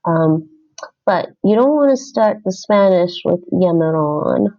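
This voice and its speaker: A woman talks her way through language-app exercises on a livestream, thinking aloud and fixing her own slips. Her voice has a gravelly fry and an unhurried pace. The stream audio sounds dull and lo-fi. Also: fairly low pitch, expressive, warm tone. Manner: thinks aloud, chatty, self-correcting. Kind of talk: casual livestream commentary while doing app lessons.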